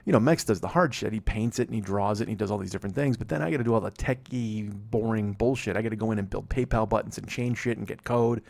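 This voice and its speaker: A man's voice: on the low side, quick pace, vocal fry, few pauses, darkish tone. A man in his forties hosting a podcast alone, rambling and swearing in a casual, self-mocking way. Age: 40s. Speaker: podcast host. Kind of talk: casual solo podcast monologue.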